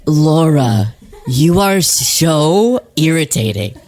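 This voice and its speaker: A woman hosting casual political commentary, sarcastic and animated, laughing at her own jokes. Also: deep voice, slow, a crowd in the background.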